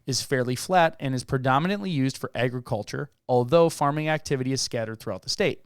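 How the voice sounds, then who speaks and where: A man's voice: mid-range voice, smooth, no room sound, studio quality. A man co-hosting a casual podcast, reading facts aloud and often laughing and stumbling over words. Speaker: podcast co-host.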